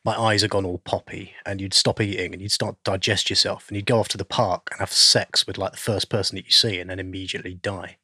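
A man's voice: sits low, level tone, quick pace, few pauses, slightly rough, dry recording. A man, a podcast co-host chatting and joking in casual banter. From West London. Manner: jokey, teasing, loud bursts.

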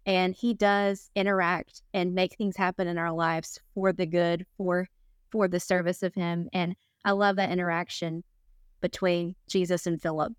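Clear-voiced enthusiastic woman. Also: fairly low pitch, flat delivery, normal speed, no room sound, clean studio sound. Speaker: discussion participant. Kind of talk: casual Bible discussion.

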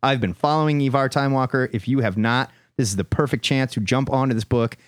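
A man's voice: mid-range voice, a little fast, dry recording, clean studio sound. A man co-hosting a comic book podcast, chatting with enthusiasm and hyping his picks. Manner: enthusiastic, hyped announcer bursts. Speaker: podcast co-host.

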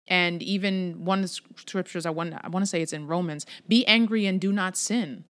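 A woman with a notably low, deep voice gives a relaxed devotional talk. She speaks candidly and conversationally, slipping slang in among scripture verses. She sounds like a young adult speaking to her community. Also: brisk. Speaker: Christian speaker addressing her email list.

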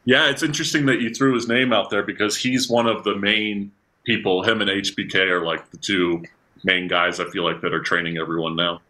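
Bright-voiced storytelling man from Virginia. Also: on the low side, a little fast. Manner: animated storyteller, laughs often. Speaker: podcast guest, musician. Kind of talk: casual podcast chat.

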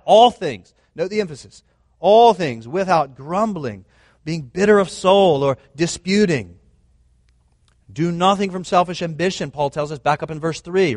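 A man's voice: on the high side, dry recording. A man preaching a sermon in an earnest, emphatic way, often restating his points. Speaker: pastor.

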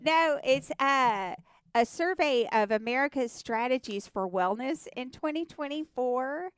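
A woman co-hosting a radio show in casual chat, telling stories haltingly with many fillers and restarts. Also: sits high, lively intonation, smooth, no room sound, clean studio sound. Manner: hesitant, rambling storyteller with many fillers. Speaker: radio co-host.

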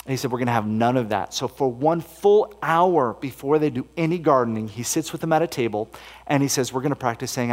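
A man's voice: mid-range voice, fast. A man speaking as a missionary at a camp meeting, telling a story in an earnest, folksy way with many fillers and restarts. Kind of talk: storytelling sermon talk. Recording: long hall reverb.

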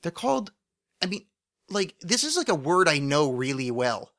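A man's voice: a little high, very animated, normal speed, fairly bright tone. A man hosting a solo podcast, rambling in a loose monologue with many fillers, restarts and frequent swearing. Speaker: podcast host.

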